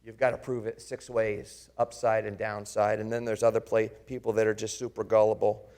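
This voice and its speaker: A man's voice: lowish voice, little pitch movement, moderate pace, a little mellow, clean tone, lightly acted. A pastor playing the disciple Thomas, an earnest grown man, in a first-person dramatic sermon monologue, speaking with passion and turning to the listeners with searching questions. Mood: reflective.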